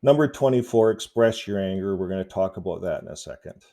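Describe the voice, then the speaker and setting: Deep gravelly-voiced man, casual vlogger. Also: fast. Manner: relaxed, rambling, chuckles often, frequent fillers. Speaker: YouTube activist vlogger. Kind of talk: casual vlog monologue.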